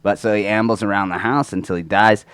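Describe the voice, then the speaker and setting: A man's voice: lowish voice, steady tone, brisk, a bit bright, smooth, no room sound. A man co-hosting a podcast, talking in a crude, rambling way with lots of swearing, his throat sore and coughing, close to the microphone. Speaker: podcast co-host. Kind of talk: casual chat.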